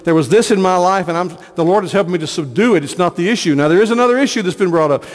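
A man's voice: high-pitched, quick pace, big-room sound. A man preaching a sermon as pastor, earnest, repeating phrases for emphasis. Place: church sanctuary.

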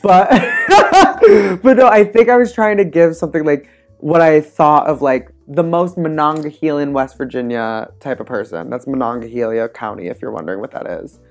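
A woman's voice: low-pitched, expressive, moderate pace, darkish tone, soft background music. A young woman chatting as a podcast guest, telling stories animatedly and dropping to a murmur for her inner thoughts. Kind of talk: casual chat.

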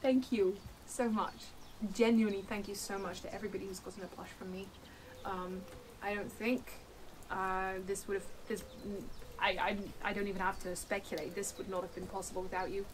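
A young woman vlogging a casual unboxing of a plush, excited and amazed, rambling with fillers and restarts, recorded on a camera mic on a tripod at home. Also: mid-range voice, fairly quick, a little hiss or hum.

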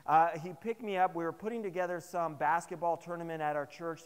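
A man preaching a sermon to his congregation, telling personal stories in an animated, humorous way. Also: fairly high pitch, fairly quick, clean tone, big-room sound. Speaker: pastor. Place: chapel service.

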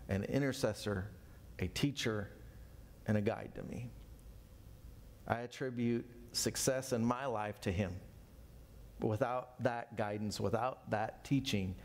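Fifties male teacher, gravelly voice, relaxed self-deprecating Bible study delivery. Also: lowish voice, slight background noise. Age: 50s. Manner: folksy, self-deprecating, with frequent asides.

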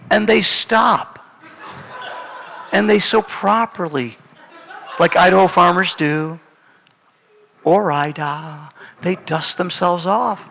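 A middle-aged man preaching a storytelling sermon, animated and self-mocking, often laughing through his story. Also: high voice, vocal fry. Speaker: pastor. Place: church sanctuary. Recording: church hall with long reverb.

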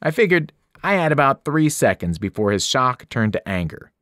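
Expressive man reading a novel aloud. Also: mid-range voice, moderate pace, no echo, clean studio sound. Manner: expressive first-person narration with character voices. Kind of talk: audiobook narration.

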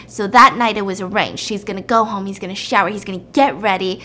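A woman hosting a casual storytime, retelling a plot in a chatty, animated way with lots of filler words. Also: mid-range voice, quick pace, hardly any pauses, a little hiss or hum. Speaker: storytelling host.

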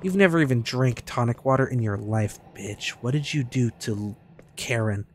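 A young man streaming a game, giving loud and excitable commentary with lots of swearing and trash talk. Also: medium pitch, normal speed. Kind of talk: casual gameplay commentary.

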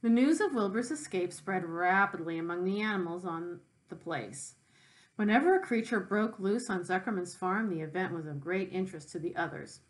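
A woman teacher reading a children's book aloud, pausing to explain words to young listeners. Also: lowish voice, rough recording. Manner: expressive, with brief explanations for children.

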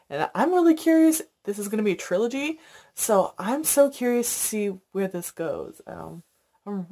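A woman's voice: lowish voice, darkish tone. Gushing young woman book vlogger. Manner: chatty, gushing, many fillers. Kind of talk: casual vlog chat. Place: at home.

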